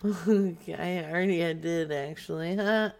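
Slow-talking giggly woman co-host. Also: on the low side, vocal fry, darkish tone. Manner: giggly, swears casually. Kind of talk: casual chat.

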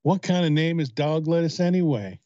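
A man's voice: on the high side, lively intonation, fairly quick, mellow, no echo, muffled recording. A man co-hosting a casual comedy show, joking crudely and sarcastically. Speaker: podcast co-host.

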